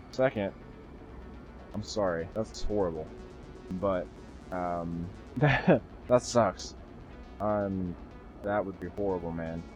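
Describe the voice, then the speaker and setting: A man's voice: lowish voice, a little mellow. A young man streaming a game, rambling casually, swearing freely and chatting with viewers. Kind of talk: casual live-stream chat. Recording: dull lo-fi stream audio with faint music.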